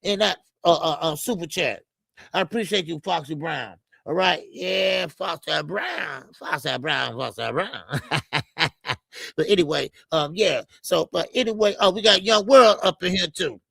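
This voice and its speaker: A man's voice: high voice, normal speed, vocal fry, a bit bright, dry recording. A man hosting a boxing live stream in a casual, rambling way, with many fillers as he reads out super chats. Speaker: boxing show host.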